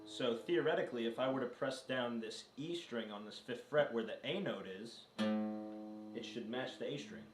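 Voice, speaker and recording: A man's voice: medium pitch, moderate pace. A man giving a casual guitar lesson in a loose, chatty way with filler words. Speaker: guitar teacher. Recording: roomy, distant mic with guitar playing. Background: guitar notes played between phrases.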